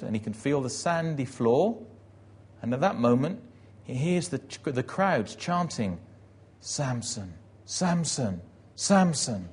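A man preaching, retelling a story vividly and acting out the shouts and prayers in it. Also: medium pitch, husky. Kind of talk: dramatic sermon storytelling.

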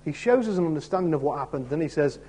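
A man preaching a Bible sermon in a chatty, conversational way, often turning to his listeners with tag questions. His voice sits somewhat high for a man, and it has a husky, slightly breathy grain. The tone stays warm and mellow rather than bright. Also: expressive, quick pace. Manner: acts out quoted voices in the story. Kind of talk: expository sermon.

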